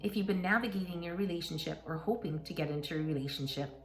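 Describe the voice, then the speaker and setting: A woman's voice: lowish voice, fast talker. A middle-aged woman hosting a casual book talk, chatting and reading passages aloud in an encouraging way with asides to her listeners.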